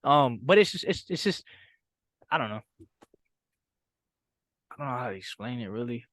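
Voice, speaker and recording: A man talking casually as a podcast guest, halting and searching for words with casual slang. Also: mid-range voice, expressive, fairly bright tone, dry recording, studio quality. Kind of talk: casual chat.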